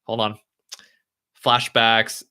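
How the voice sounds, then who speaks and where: A young man answering viewers' questions on a live stream, speaking gently and reassuringly, thinking aloud as he goes. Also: lowish voice, monotone, very slow, clean tone.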